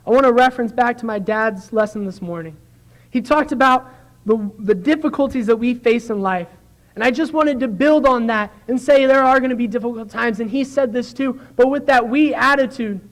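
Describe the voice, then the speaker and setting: A man's voice: very high voice, poor audio. A young man giving an earnest sermon-style lesson in a church, acting out quoted dialogue as he speaks. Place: church sanctuary.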